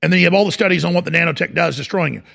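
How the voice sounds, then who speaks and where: A man's voice: a little high, very fast, vocal fry, bright, forceful tone. A middle-aged man hosting a talk radio show, delivering an impassioned, ranting monologue.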